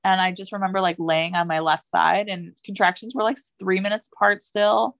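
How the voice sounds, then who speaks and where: A woman's voice: mid-range voice, a little fast, gravelly, no room sound. A young adult woman, a podcast guest, telling a personal story in a casual, chatty way with many fillers. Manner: chatty, many fillers, lively when quoting herself. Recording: dull lo-fi, dry sound.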